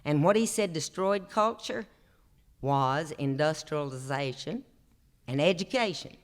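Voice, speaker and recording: Appalachian storyteller in his sixties, slightly high, smooth voice, drawling homespun delivery on stage. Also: lively intonation, measured pace. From Appalachian North Carolina. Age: 60s. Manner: drawling, homespun, chuckles through his stories. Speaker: traditional singer and storyteller. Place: opera house stage, live show.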